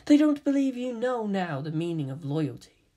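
Reader doing a calm menacing half-angel teen boy, cold, quiet, hushed and threatening, lively pitch, fan-fiction reading. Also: moderate pace, close to an everyday voice. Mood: quiet menace.

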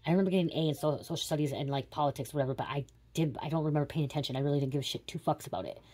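Fast-talking low-voiced woman rambling. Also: warm tone, husky. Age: 30s. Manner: rambling, confiding, swears casually. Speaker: tarot reader. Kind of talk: casual psychic reading chat.

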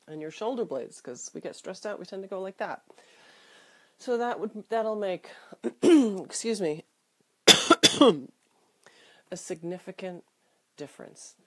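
Nasal, congested woman giving gentle advice. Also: on the low side. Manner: soft, encouraging, unhurried, with pauses and restarts. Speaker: host of a self-help video show. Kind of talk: gentle motivational talk to camera.

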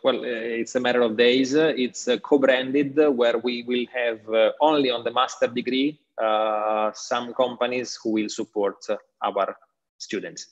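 A man's voice: mid-range voice, steady tone, a little slow. A man with an Italian accent giving an online school presentation, hesitant with many fillers. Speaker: school representative. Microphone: video call. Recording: dull lo-fi online call audio.

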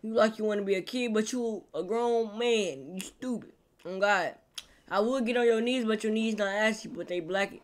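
A woman hosting a reaction video, teasing and roasting the people on screen in slangy casual banter, drawing words out and repeating them for emphasis. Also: mid-range voice. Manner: drawn-out, repetitive emphasis.

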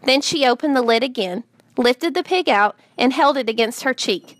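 A woman reading a children's novel aloud in a measured, gently expressive way. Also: high-pitched, no room sound, clean studio sound. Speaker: audiobook narrator.

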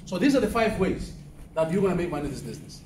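A man from southern Africa speaks as a keynote speaker at a conference, talking in a high voice and putting questions to the audience as he goes. He is picked up from a distance, so his voice sounds roomy, with faint noise in the background. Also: big pitch swings, racing, a little mellow. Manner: conversational, asks the audience questions. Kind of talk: motivational business talk. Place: conference room, live audience. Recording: echoey room from off-mic.

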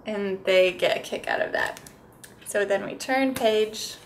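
A young woman speaking as a speech therapist, her pitch sitting in an ordinary middle range. She walks through a picture book step by step and slips into sing-song, exaggerated sounds meant for toddlers. A faint steady hiss sits under the recording. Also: a little slow. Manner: explains plainly, then breaks into sing-song, exaggerated toddler-directed sounds. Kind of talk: instructional demonstration.

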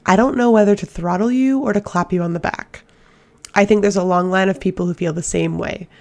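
A woman's voice: medium pitch, a little fast, darkish tone, close to an everyday voice. A woman voicing a stern male Fae warrior prince with a curt, dry way of speaking, in an audiobook. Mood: grim amusement.

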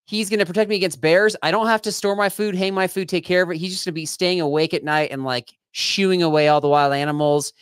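Man, podcast co-host, playful teasing, slightly high voice, dry close sound. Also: fairly even intonation, fast talker, hardly any pauses, clear, resonant tone, no echo. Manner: playful, teasing, laughs often. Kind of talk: casual podcast chat.

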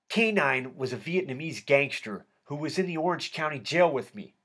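A man narrating an audiobook in a steady first-person storytelling manner. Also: medium pitch, moderate pace, hardly any pauses. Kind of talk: audiobook reading of a prison memoir.

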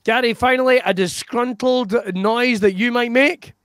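A man's voice: very high voice, moderate pace, fairly bright tone, clear, resonant tone, no room sound. Man hosting a mock panel show. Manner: mock-incredulous, announcer-like. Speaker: improv host playing a show presenter.

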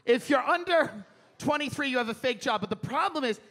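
A man's voice: very high voice, animated, a little fast, pushed and bright. A man doing a brash, profane stand-up set on a theater stage, teasing the crowd. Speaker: stand-up comedian. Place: theater stage before a live audience.

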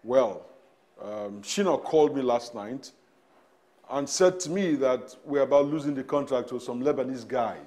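A man's voice: medium pitch, normal speed, darkish tone, close to an everyday voice. A Nigerian man playing a family father in a film drama, apologising and explaining.

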